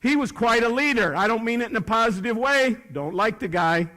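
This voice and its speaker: A man's voice: very high voice, expressive, a little fast, sharp tone. A middle-aged man giving a folksy, joking motivational speech to a hall of students, asking the crowd questions. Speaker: speaker at a student leadership academy. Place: large hall with a student audience. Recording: long hall reverb.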